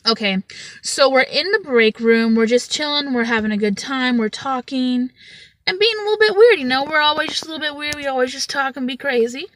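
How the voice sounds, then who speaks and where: A woman in her late twenties telling a storytime vlog in a loud, energetic, chatty way. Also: high voice, brisk. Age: 20s. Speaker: vlogger.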